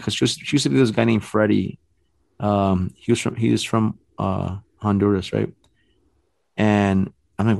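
A man telling a spooky story in a loose, rambling way, sprinkling in "man" and "bro" and stumbling over restarts. His voice has a gravelly, creaky texture. It is recorded close and dry, with no room sound. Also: lowish voice, fairly even intonation, normal speed, a little mellow, no echo.

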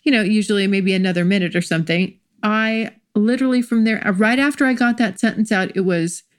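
A woman hosting her own podcast in casual solo chat, excitable and rambling, laughing often, recorded at a home microphone. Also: medium pitch, fairly quick. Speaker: podcast host. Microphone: desk microphone.

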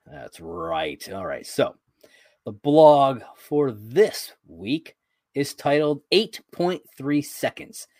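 A man's voice: mid-range voice, expressive, slow pace, warm tone, dry recording. Podcast guy rambling about an episode, laughs a lot, dry close mic. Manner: rambling, laughs often, swears casually. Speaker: podcast co-host. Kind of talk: casual chat recapping a sitcom episode.

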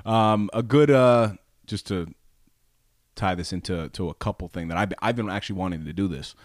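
A man's voice: sits low, normal speed, no room sound, studio quality. A man co-hosting a podcast, chatting with enthusiasm and reacting eagerly. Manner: enthusiastic, eager listener, laughs along. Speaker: podcast co-host. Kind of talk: casual chat.

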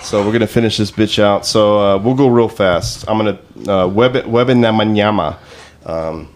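A man's voice: lowish voice, normal speed, slight background noise. A man co-hosting a comedy podcast, swearing a lot and rambling with false starts. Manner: profane, rambling with restarts. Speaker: podcast co-host. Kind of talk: casual chat.

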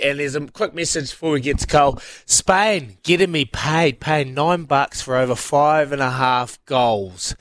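A man's voice: a little high, a bit bright, dry recording. A man hosting a casual radio sports show, laid-back and chatty.

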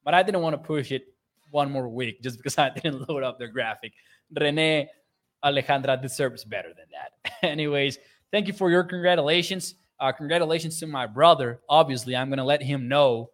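A man's voice: medium pitch, a little fast, a bit bright. A young man hosting a sports livestream, reading viewer comments aloud in an upbeat, chatty way and laughing often. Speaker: sports podcast host.

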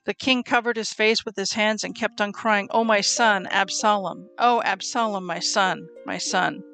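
A woman reading the part of a grieving old king, slow and hushed. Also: mid-range voice, steady tone, faint music behind. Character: grieving old king, father mourning his son.

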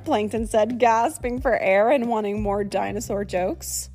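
A woman reading a children's story aloud in an expressive, animated way. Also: medium pitch, measured pace, gravelly, few pauses, breathy edge, soft background music.

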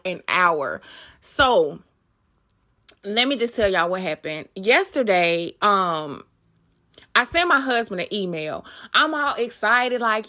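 A bright, ringing woman's voice hosts a casual podcast. She tells her stories in an animated, chatty way and keeps turning to talk straight to her listeners. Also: mid-range voice. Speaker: podcast host.

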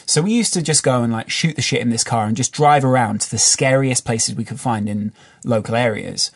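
A man's voice: medium pitch, a little fast, husky. A man from the English Midlands telling a rambling, sweary story in a casual podcast chat. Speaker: podcast guest.

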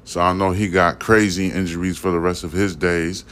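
A man's voice: deep voice, flat delivery, normal speed, a bit bright. A man hosting a podcast, reading news stories and riffing on them in a loose, profane, rambling way. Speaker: podcast host. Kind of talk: casual news commentary podcast.

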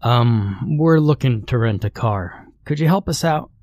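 A man's voice: mid-range voice, animated, measured pace, a little mellow, no room sound, studio quality, close to an everyday voice. A man voicing an uneasy father who talks in a hesitant, pleading way. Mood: polite. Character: nervous, uneasy father renting a car.

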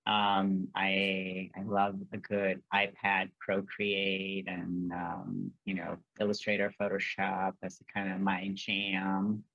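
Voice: sits low, completely flat delivery, takes it slowly, creaky, few pauses, no echo, highs cut off. Earnest rambling guest, dry close sound. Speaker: guest artist. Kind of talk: casual interview chat.

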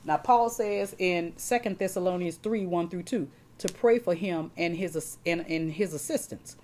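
A woman's voice: lowish voice, moderate pace, a little mellow, slight background noise. A woman preaching a sermon, repeating words as she talks and checking in with her congregation.

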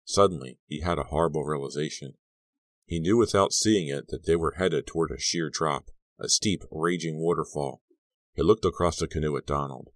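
A man with a strikingly deep voice reads a novel aloud in steady, measured narration. The recording is dry and close, with no room sound at all. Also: dry recording. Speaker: audiobook narrator. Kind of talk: scripted narration.

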